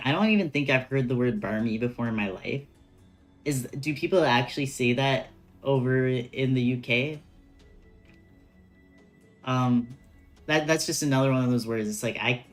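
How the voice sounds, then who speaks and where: A game streamer chatting casually with their chat, laughing often while reading a story game aloud. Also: mid-range voice.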